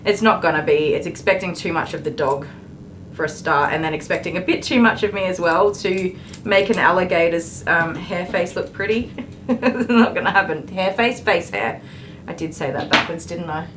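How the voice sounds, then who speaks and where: A woman's voice: lowish voice, normal speed, fairly bright tone, slight background noise. An Australian woman working as a dog groomer on a live stream. She jokes with viewers and soothes the dog with baby talk.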